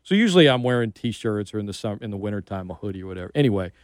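A man's voice: lowish voice, animated, rapid-fire, no room sound. A middle-aged man hosting a casual sports radio interview, telling stories in a chatty way and acting out the people he quotes. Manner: chatty storyteller, acts out quotes. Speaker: radio host. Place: radio studio. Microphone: studio mic.

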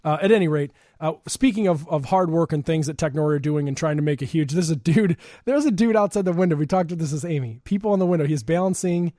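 Guy hosting a radio show, talks fast and rambles, dry close studio mic. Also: fairly high pitch, warm tone, no room sound. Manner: rambling, chatty, quick to laugh. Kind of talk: casual radio talk.

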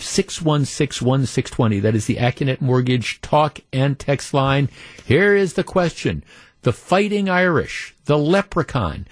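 Wry talk radio host, dry studio sound. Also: male voice, a little high, darkish tone, no echo. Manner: reads out listener texts; wry, incredulous. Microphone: studio microphone.

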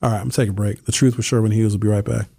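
A man hosting a radio talk show, speaking casually and telling stories in slangy, animated speech. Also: lowish voice, racing, vocal fry, husky, no echo, clean studio sound. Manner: animated storytelling, slangy, reads listener texts. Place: radio studio. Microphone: studio microphone.

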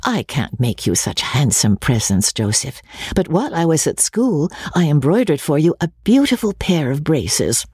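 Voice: medium pitch, sing-song, normal speed, darkish tone, husky, dry recording, studio quality, voice pushed up. A reader voicing a cheerful young girl just home from school.

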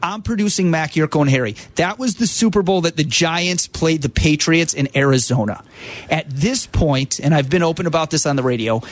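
A man, a radio producer, telling a lively story on a sports radio show. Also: a little high, brisk. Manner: animated storyteller, talks in bursts.

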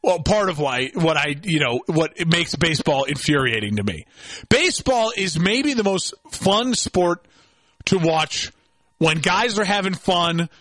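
A young adult man hosting a sports talk show, ranting excitably and bursting into shouts. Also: a little high, a little slow, dry recording.

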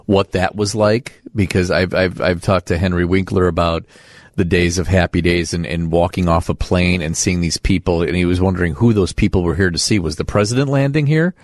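Guy with a lowish voice hosting an interview, excited, dry close mic. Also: brisk, no echo. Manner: enthusiastic, affirming. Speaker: podcast interviewer. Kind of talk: casual interview.

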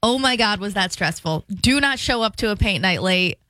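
A woman's voice: mid-range voice, normal speed, no room sound. A young woman hosting a radio show, chatting casually and acting out quotes as she tells stories, in a studio. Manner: animated storyteller, acts out quotes. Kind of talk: casual on-air banter.

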